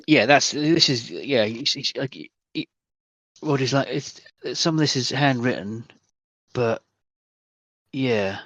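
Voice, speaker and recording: A man's voice: medium pitch, animated, slow, pauses often, fairly bright tone, no room sound, poor audio. A man narrating a tabletop game as game master, hesitant and full of fillers, over voice chat. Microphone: headset or desk mic over voice chat.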